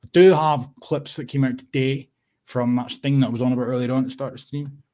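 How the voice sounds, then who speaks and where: A man's voice: medium pitch, steady tone, fairly quick, a little mellow. A Scottish man hosting a casual livestream, rambling and swearing, laughing often as he clicks through tabs. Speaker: livestream host.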